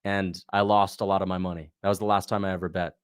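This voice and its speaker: A man's voice: low voice, level tone, fast talker, smooth. A man hosting a casual watch-along livestream, chatting in a slangy way and answering viewers' questions. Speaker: livestream host.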